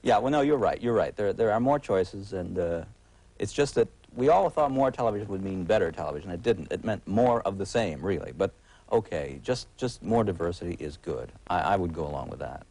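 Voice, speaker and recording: A man in his forties with a very low, deep voice talks as a guest in a TV studio. His speech is wry and halting, full of restarts and uh's. He has a casual, conversational way of talking. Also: lively intonation, darkish tone, breathy edge, poor audio. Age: 40s. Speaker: TV critic guest. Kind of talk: casual talk-show conversation. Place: TV talk show studio.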